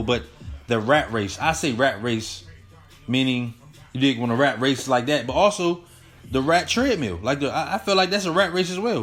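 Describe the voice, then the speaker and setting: Young male host, fiery profane slang-heavy rant, slightly high voice, soft music under. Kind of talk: casual solo commentary.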